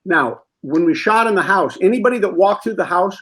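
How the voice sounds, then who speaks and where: Slightly high animated male storyteller. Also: fairly quick, few pauses. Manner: animated storyteller acting out scenes. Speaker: guest. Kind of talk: anecdote on a comedy talk show.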